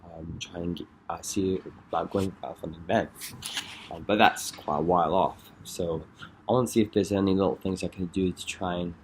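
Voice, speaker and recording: A man's voice: low voice, fairly even intonation, normal speed, slight background noise. A young man from Scotland, a dance artist, talking in a casual, rambling vlog with many hesitations. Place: London.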